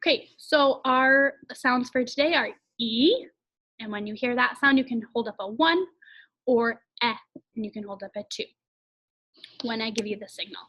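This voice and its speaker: A woman teaching second graders an online phonics lesson, slowly drawing out each vowel sound. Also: on the high side, bright, forceful tone, poor audio. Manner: slow, clear, exaggerated vowel sounds.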